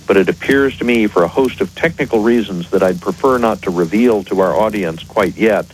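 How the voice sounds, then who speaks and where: A man appearing as an expert guest on a radio show, explaining in a measured, precise way. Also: fairly low pitch, slight background noise, low-quality recording.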